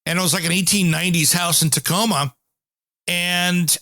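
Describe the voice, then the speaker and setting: A man's voice: high-pitched, moderate pace, no room sound. A man hosting a home improvement show, telling stories in a casual chat and acting out the people he quotes. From Pacific Northwest, US. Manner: animated storyteller, acts out quotes.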